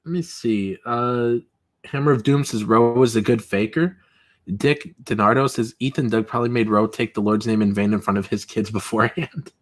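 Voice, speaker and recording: A man's voice: mid-range voice, normal speed. A man hosting a casual livestream, reading chat comments aloud and telling stories with lots of laughter. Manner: animated, laughs often, mimics callers. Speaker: livestream host.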